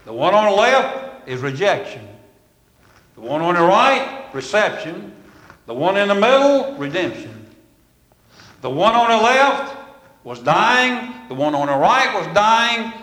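A man preaching a sermon in a folksy, storytelling way, swinging from loud to hushed. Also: high voice, sing-song, a little slow. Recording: echoey hall with long reverb.

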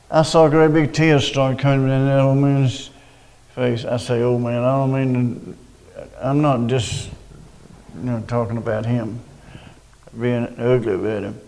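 An older man with a drawl tells a story slowly and unhurriedly. His voice is gravelly and creaky, and it sits at an ordinary pitch. He rambles and restarts as he goes, like someone giving a spoken testimony. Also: level tone, a little mellow, in a large hall, rough recording. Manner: rambling, halting, with restarts and asides. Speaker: storyteller recounting a personal witness.

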